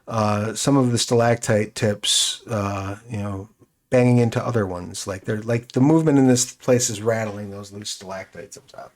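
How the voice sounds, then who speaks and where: A man's voice: lowish voice, a little mellow. A man running a tabletop game as game master, narrating with frequent laughs and fillers. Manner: laughs often, many fillers.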